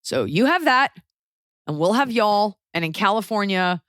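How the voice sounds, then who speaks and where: A woman's voice: medium pitch, expressive, normal speed, a bit bright, no echo, studio quality. A woman from Texas with a light Texan accent, hosting a podcast in casual, rambling chat full of fillers. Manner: chatty, lots of likes and fillers. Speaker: podcast host.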